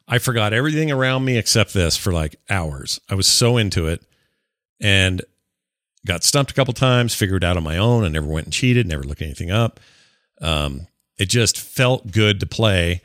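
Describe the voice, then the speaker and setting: A man's voice: on the low side, expressive, moderate pace, fairly bright tone, dry recording, clean studio sound. A man in his forties chatting casually as a podcast host, rambling enthusiastically with restarts. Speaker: podcast host reviewing a game. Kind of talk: casual chat.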